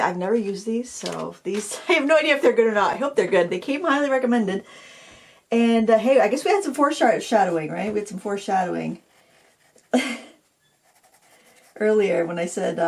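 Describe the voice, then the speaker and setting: Middle-aged new lady doing a painting tutorial, rambly and self-deprecating, chatting to viewers while she paints. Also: mid-range voice.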